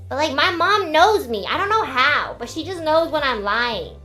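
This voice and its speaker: High-voiced woman streamer chatting. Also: moderate pace. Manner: animated storytelling, swears, acts out quotes. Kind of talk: casual chat. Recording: roomy echo, faint music.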